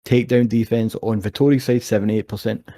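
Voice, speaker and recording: A man's voice: lowish voice, flat delivery, brisk, warm tone. A young Scottish man chatting casually about fights as a co-host, swearing freely and telling stories with animation. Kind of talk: casual sports chat.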